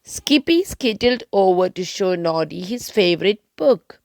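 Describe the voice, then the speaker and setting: A woman reading a children's storybook aloud at a gentle, unhurried pace. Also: medium pitch, animated, creaky, dry recording. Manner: slow, gentle storytelling with voiced characters. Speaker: storybook reader.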